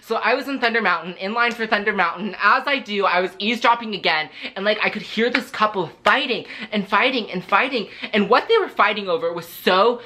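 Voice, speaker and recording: A young man telling storytime anecdotes in a vlog, chatty and animated, packed with filler words. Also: high voice, brisk, hardly any pauses. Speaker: vlogger.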